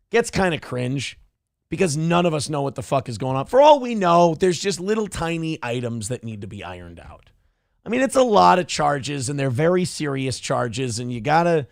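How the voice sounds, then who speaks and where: A man's voice: on the high side, vocal fry, dry recording, studio quality. A man from central Minnesota hosting a livestream show, reading viewer donations and mocking people in a blunt, crude way. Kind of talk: casual livestream commentary.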